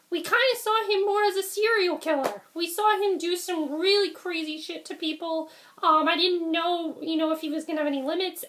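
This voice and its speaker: A young woman casually reviewing a TV episode, rambling with frequent ums, self-corrections and quick apologies. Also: very high-pitched, fairly bright tone.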